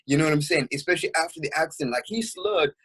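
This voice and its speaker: A young man, chatting excitedly as co-host of a boxing talk show, with lots of fillers. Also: on the high side, quick pace, breathy edge, rough recording. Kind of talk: casual chat.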